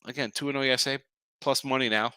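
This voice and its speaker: An older man hosting a sports betting podcast, ranting sarcastically and gruffly before running through his daily picks. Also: mid-range voice, steady tone, quick pace, bright, forceful tone, dry recording.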